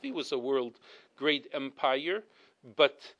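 A man's voice: medium pitch, expressive, slow pace, a bit bright, rough recording. Earnest middle-aged man teaching a religious class. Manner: earnest, emphatic teaching with frequent restarts and repeated words. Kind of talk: weekly religious text class.

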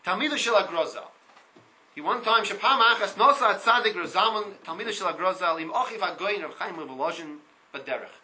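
High, bright-voiced male Torah teacher. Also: brisk, low-quality recording. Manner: reads Hebrew text and translates line by line; animated, repeats words. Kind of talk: Torah class.

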